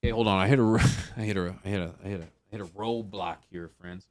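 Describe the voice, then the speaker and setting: A man whose voice sits on the low side talks quickly while hosting a casual livestream. He laughs and mutters to himself while working out his monitor setup.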